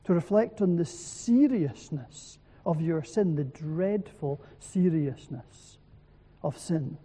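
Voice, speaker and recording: A male preacher delivers a solemn evening sermon in a deep, dark-toned voice, slow and deliberate. He builds his points through emphatic repetition. His voice rings with a long hall reverb and sounds slightly muffled. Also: expressive, husky.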